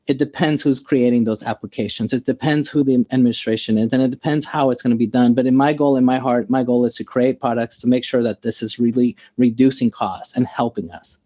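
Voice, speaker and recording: A man's voice: medium pitch, dark tone, highs cut off. An American man, a doctor, giving an enthusiastic webinar talk in short, emphatic phrases. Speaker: doctor and AI expert speaking at a webinar.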